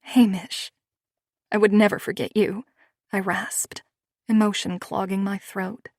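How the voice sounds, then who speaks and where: A woman's voice: medium pitch, a little mellow, no room sound, clean studio sound. Woman reading a romance audiobook. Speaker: audiobook narrator. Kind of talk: scripted first-person narration.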